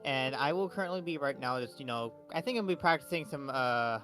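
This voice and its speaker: A man's voice: mid-range voice, animated, brisk, a bit bright, soft background music. A man playing a paladin in a tabletop game, talking hesitantly and stumbling over words. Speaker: player. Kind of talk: in-character tabletop play.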